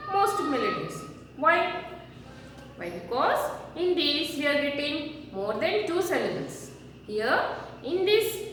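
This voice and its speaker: High-voiced lady teacher talking real slow, far off the mic, long echo. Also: a bit bright, slight background noise. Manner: slow, repeats word forms for children. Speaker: schoolteacher. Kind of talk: classroom grammar lesson. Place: classroom. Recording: echoey room, far from mic.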